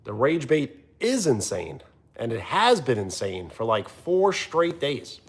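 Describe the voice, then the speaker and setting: Animated male live streamer. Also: takes it slowly, slightly rough. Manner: animated, teasing, often jumping higher in pitch. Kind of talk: casual live-stream chat reading comments.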